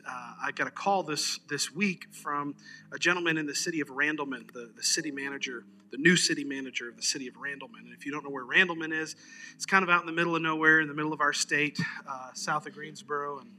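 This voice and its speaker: A man's voice: a little high, quick pace. A male pastor preaching a conversational sermon, telling stories and often saying "amen.". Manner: conversational, animated storyteller, frequent "amen". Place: church service.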